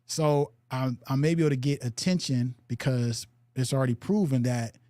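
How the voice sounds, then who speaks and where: A man's voice: medium pitch, normal speed, mellow, no room sound, clean studio sound. A man hosting a podcast in casual chat, loose and full of fillers, often checking in with "right?". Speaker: podcast host.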